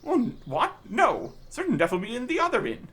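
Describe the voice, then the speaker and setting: A man's voice: very high voice, huge pitch swings, a little fast, fairly bright tone, slightly rough, voice pushed up, exaggerated voice. Man putting on a pompous old knight, Sir Tiffy. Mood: blustery. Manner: posh, blustery, tacks on "what?".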